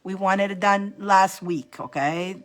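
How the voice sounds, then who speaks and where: A woman's voice: mid-range voice, slow pace. A woman giving a casual, rambling spiritual pep talk to her viewers, often restarting and repeating phrases. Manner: rambling, animated, laughing at herself. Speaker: spiritual coach and reader.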